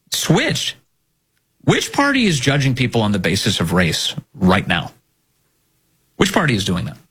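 Husky, indignant male commentary host. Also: mid-range voice, fairly bright tone. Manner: indignant, hammering rhetorical questions. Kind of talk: opinionated commentary.

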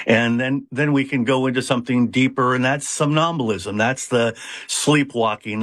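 A man's voice: medium pitch, fairly bright tone, dry recording, studio quality. A man who runs a hypnosis practice, explaining his methods in an interview with frequent fillers and restarts. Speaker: hypnotist, founder of a hypnosis center. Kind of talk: conversational interview answers.

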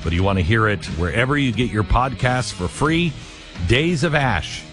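A man's voice: mid-range voice, animated, normal speed, over music. A man hosting a talk radio show, talking in a rambling way with many fillers and restarts.

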